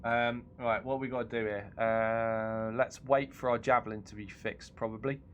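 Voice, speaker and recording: A man's voice: mid-range voice, fairly even intonation, normal speed, highs cut off, soft background music. A man streaming a game, chatting casually with frequent laughs, stumbles and restarts. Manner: joking, stammering, laughing often. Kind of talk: casual live-stream commentary.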